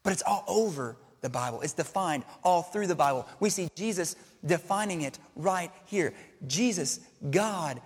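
A man preaching a sermon with a high, light voice that carries through a church with long reverb. He is expressive, sinking to quiet, reflective passages and then lifting into exclaiming ones. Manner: expressive, swinging between hushed and exclaiming. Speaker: pastor. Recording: long reverb of a large hall.

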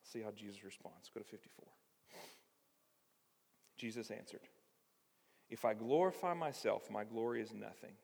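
A man preaching a sermon, animated, acting out the voices of the passage as he teaches. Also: fairly low pitch, gravelly, slightly rough. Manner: animated, acts out voices of the text. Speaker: pastor. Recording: reverberant hall.

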